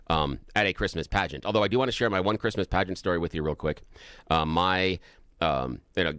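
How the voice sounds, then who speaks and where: A man's voice: low voice, dry recording. A man co-hosting a talk radio show, chatting casually and telling anecdotes with gusto, from a radio studio microphone. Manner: animated storyteller who laughs at his own anecdotes. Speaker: radio co-host.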